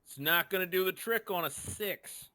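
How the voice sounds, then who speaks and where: A man's voice: high voice, normal speed, bright, forceful tone, no echo. A man running a tabletop game session as game master, in a playful, teasing and sing-song way.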